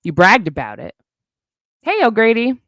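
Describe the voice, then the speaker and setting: A woman's voice: a little high, huge pitch swings, normal speed, fairly bright tone, no echo, clean studio sound. A woman in a heated, profane livestream rant, sarcastic as she calls out her online critics. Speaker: streamer addressing online critics.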